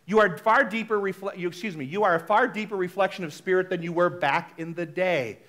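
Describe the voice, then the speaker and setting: High-voiced man preaching a lively sermon. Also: a little fast. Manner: conversational, animated, talks straight to the congregation. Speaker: minister. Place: spiritual center service.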